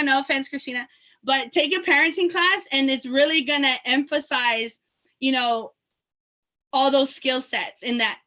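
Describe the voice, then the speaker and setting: Woman basketball coach, bright and forceful, casual panel talk. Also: high voice. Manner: conversational, many fillers. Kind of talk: panel discussion.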